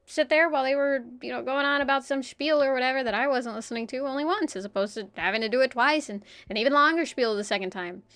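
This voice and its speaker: A young woman streamer chatting casually and telling a personal story, animated, swearing often and laughing between phrases. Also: sits high, dry recording.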